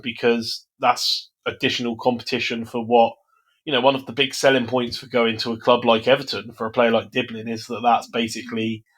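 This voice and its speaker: A man co-hosting a football podcast, talking things through in a measured, casual way. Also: medium pitch, a bit bright. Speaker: podcast co-host. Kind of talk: casual chat.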